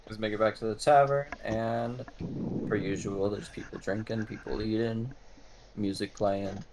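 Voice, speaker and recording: A man's voice: fairly low pitch, fairly even intonation, moderate pace, noisy background. A man narrating a tabletop game as game master, with many hesitant fillers.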